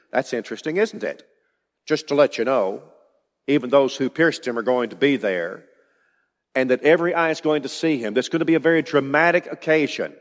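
A man's voice: medium pitch, long reverb tail. A man preaching an expository sermon, emphatic and building to rising declarations.

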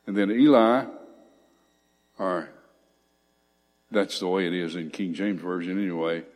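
A man preaching a sermon, reading scripture aloud with swelling emphasis and pausing on frequent fillers. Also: low-pitched, a little mellow. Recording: long hall reverb.

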